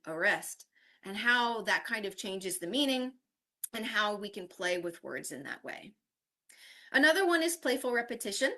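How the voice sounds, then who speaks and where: A woman with a bright voice gives a workshop talk to fellow teachers. She explains each point step by step and keeps checking in with her listeners. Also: mid-range voice. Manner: explanatory, checks in with frequent "right?". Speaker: university English teacher presenting a workshop. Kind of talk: online conference workshop presentation.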